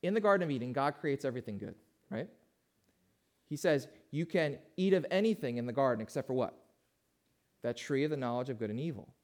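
A pastor delivers a sermon, posing questions to his listeners and moving between quiet, low stretches and loud, emphatic bursts. His delivery is animated and brisk, broken by long pauses.

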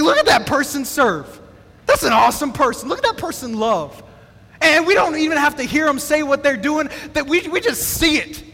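A pastor from Wisconsin preaches in a lively, conversational way. His voice is very high, bright and forceful, and it rings with the long reverb of a large hall. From Wisconsin, USA. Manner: animated, conversational, acts out quotes. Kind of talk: sermon.

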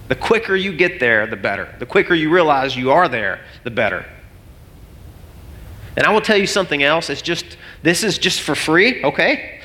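A man's voice: a little high, sharp tone. A man preaching a sermon as pastor, telling a story earnestly and with rising emotion. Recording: long hall reverb.

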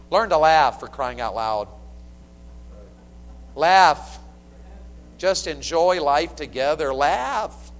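A man preaching a sermon to his church, animated and swinging between loud and hushed. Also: fairly high pitch. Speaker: pastor. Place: church sanctuary. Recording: long hall reverb, faint hum.

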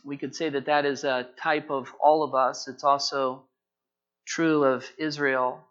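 Male pastor preaching, bright edge, repeats and builds, dull lo-fi recording. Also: mid-range voice, level tone, a little slow. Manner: repeats phrases and builds to urgent pleading. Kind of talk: sermon.

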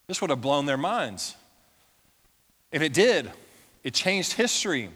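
Man, pastor, sermon, emphatic, loud-to-hushed delivery, reverberant church hall. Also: a little high, big pitch swings, unhurried, long pauses, husky.

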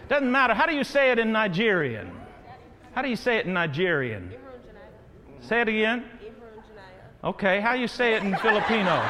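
A man with a high-pitched voice preaches a sermon, urging his congregation and building to loud calls. His voice rings through a large church hall with a long reverberant tail. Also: very animated, moderate pace, long pauses, a faint crowd. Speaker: pastor.

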